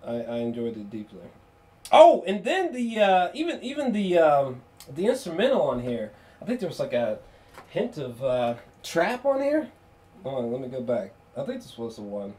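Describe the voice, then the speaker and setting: A man casually reviewing an album on video, excitable and profane, laughing often and restarting his sentences. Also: fairly high pitch, moderate pace.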